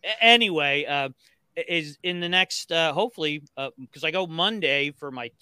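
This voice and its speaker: A gruff man who jokes at his own expense and talks with a slight lisp from a missing tooth, as a guest chatting on a podcast. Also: fairly high pitch, moderate pace, pushed and bright, no echo. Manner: gruff, joking, self-deprecating. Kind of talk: casual chat.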